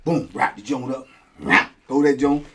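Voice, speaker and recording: A man's voice: medium pitch, moderate pace, noisy background. A middle-aged man hosting a show, telling a story in casual, slang-heavy talk and acting out both sides of the conversations. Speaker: host and storyteller.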